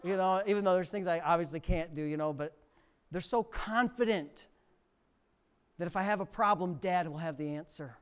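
A middle-aged male pastor preaching a sermon, swinging from quiet reading to near-shouted emphasis. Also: high-pitched, moderate pace, clean tone. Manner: preaching with sudden loud rises to near shouting.

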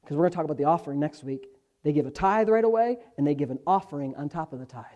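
High-voiced impassioned male pastor. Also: expressive, very fast, lo-fi sound. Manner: impassioned, swells from low asides to loud, high exhortation. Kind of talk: preaching a sermon.

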